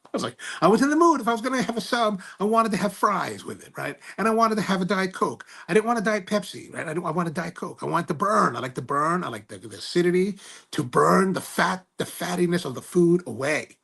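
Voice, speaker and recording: A man's voice: sits high, lively intonation, fairly quick, gravelly, a bit bright, breathy edge. A man hosting a cigar livestream, chatting casually, reading viewer comments and rambling through stories with lots of self-corrections. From United States. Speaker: cigar review livestream host.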